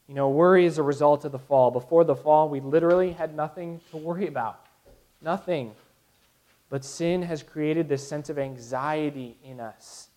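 A man in his thirties preaching a sermon to his congregation, earnest, with frequent restarts. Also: mid-range voice. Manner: earnest, with restarts and soft laughs. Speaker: pastor.

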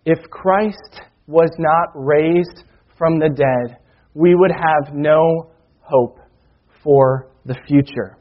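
A man preaching a sermon as pastor, earnest, slowing down for emphasis and reading Scripture with rising force. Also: fairly high pitch. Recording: dull lo-fi sound.

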